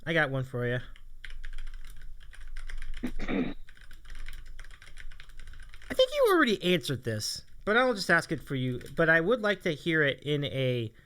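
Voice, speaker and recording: A man's voice: a little high, very animated, unhurried, long pauses, pushed and bright, clear, resonant tone. A man hosting a casual live stream, chatty and laughing often. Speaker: host.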